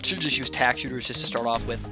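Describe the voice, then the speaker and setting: Young guy rambling through a story while gaming, excitable, game music playing. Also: medium pitch, fast talker. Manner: chatty, rambling, excitable with frequent fillers. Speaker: gaming YouTuber. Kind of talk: casual storytelling over gameplay.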